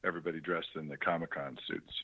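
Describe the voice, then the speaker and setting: A man's voice: rumbling low, steady tone, fast, breathy edge. A man, an actor, chatting casually as a guest over the phone, rambling and laughing with many fillers. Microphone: phone line. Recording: dull phone line.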